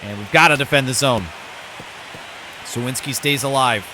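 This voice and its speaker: Here a man with a medium-pitched voice talks at a normal pace over a noisy background. A gaming YouTuber, he covers his own video game baseball season, alternating broadcaster-like calls with muttered remarks.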